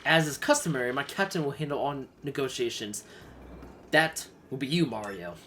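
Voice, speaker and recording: A man's voice: medium pitch, lively intonation, normal speed, bright, forceful tone, a little hiss or hum. Man hamming up a boastful flamboyant trader. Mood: grandiose. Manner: grandiose, dramatic, self-praising. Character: pompous flamboyant male trader, boastful and theatrical.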